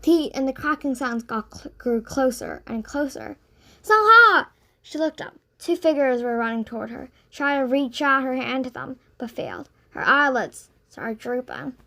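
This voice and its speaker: A woman narrating a children's audiobook in an expressive read-aloud manner. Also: sits high, normal speed, creaky, few pauses.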